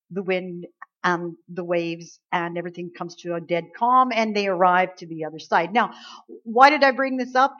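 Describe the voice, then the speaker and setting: A woman's voice: fairly high pitch, a bit bright, lo-fi sound. A woman preaching a sermon, earnest and emphatic, quoting scripture and building to stressed points.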